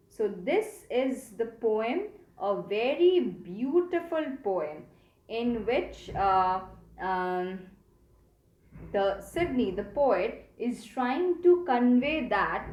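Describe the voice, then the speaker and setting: Lady teaching lit, slow and kinda high voice, lots of uh's, echoey room. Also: a little mellow. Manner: patient and explanatory, with many hesitant fillers. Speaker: literature teacher. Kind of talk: recorded lecture explaining a poem. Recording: echoey room with faint hum.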